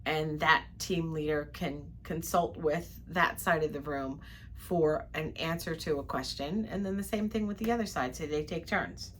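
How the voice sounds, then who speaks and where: A woman's voice: low voice, moderate pace, a little hiss or hum. An older woman co-hosting a travel vlog, chatting in detail about her day from a ship cabin. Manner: chatty, detailed storytelling with frequent laughs. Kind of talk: casual recap chat.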